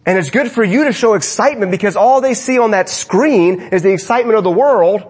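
A man preaching a sermon in a church, his voice a little husky and pitched somewhat high for a man. He swings between emphatic, raised lines and quiet, hushed asides as he addresses his congregation. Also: a little fast. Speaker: pastor. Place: church sanctuary.

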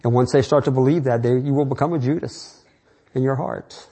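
A man's voice: mid-range voice, a little fast, warm tone, husky. A man who is a pastor, preaching an earnest, rambling sermon full of restarts and fillers.

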